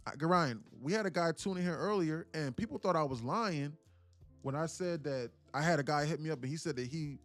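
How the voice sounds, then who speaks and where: A man coaching viewers live in a blunt, casual way, swearing freely and calling out to his audience again and again. His voice sits fairly high for a man. Soft music plays faintly behind him. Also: a little fast. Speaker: day trading streamer. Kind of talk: live-stream coaching talk.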